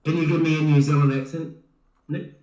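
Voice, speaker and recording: A man's voice: fairly high pitch, flat delivery, brisk, a little mellow, echoey room, recorded from a distance. A man in a casual chat who teases the host.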